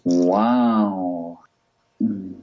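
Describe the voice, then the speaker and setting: A man co-hosting a casual baseball chat, relaxed and halting, with a husky voice. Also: sits low, highs cut off. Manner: relaxed, halting, many restarts. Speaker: podcast co-host.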